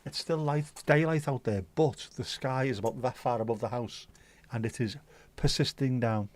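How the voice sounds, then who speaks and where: A middle-aged man chats through a livestream, rambling from one topic to the next. His talk is loose and sweary, full of banter for the viewers. His pitch sits in the middle range. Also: moderate pace. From Liverpool, England. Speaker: livestream host. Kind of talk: casual chat reading viewer comments.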